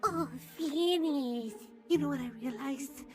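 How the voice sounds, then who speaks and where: A woman's voice: high-pitched, takes it slowly, soft background music. A woman playing a silly, smitten young activist woman in a comedy sketch, speaking in a dreamy, swooning way.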